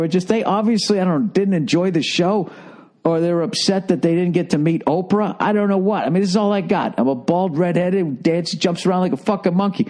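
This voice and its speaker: A middle-aged man hosts a podcast in a high, slightly mellow voice, delivering a comedic rant. His energy is exasperated and profane.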